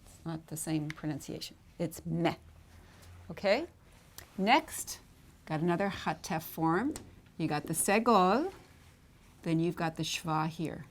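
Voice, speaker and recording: A woman gives a patient board lesson, saying each vowel slowly and then saying it again. Her voice sits fairly low. She keeps checking that the class is following. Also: lively intonation. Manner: patient, repeats sounds slowly and asks "okay?". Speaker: Hebrew teacher. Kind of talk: whiteboard lesson.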